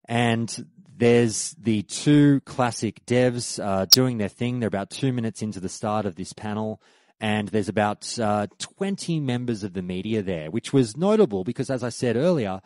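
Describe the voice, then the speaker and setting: A man's voice: lowish voice, animated, measured pace, a little mellow, no echo. An Australian man hosting a podcast, telling a rambling, conversational story with frequent restarts. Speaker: podcast host. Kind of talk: casual storytelling recap.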